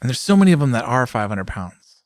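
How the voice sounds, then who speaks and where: A man co-hosting a podcast in relaxed, joking casual chat. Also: mid-range voice, quick pace, dry recording, clean studio sound. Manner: relaxed, musing, jokey. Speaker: podcast co-host.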